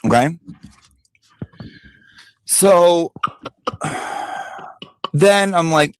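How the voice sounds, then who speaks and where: A lower-pitched man tells a story straight to the camera in a casual, emphatic vlog style. He swears freely and keeps circling back with little asides. The sound is dry and close. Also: measured pace, no room sound. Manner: emphatic and profane, with lots of asides. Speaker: vlogger.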